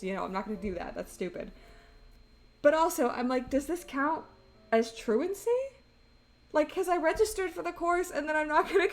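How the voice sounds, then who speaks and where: A young woman streaming while she draws, chatting in a rambling, emotional way, laughing often and swinging from loud exclaims to quiet asides. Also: a little high. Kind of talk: casual stream chat while drawing.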